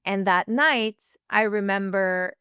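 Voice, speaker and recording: Woman telling a story, smooth and dry. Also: mid-range voice, slow pace, no echo. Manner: animated storyteller acting out quoted dialogue, laughs often. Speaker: guest, relationship coach. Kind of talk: personal storytelling in podcast interview.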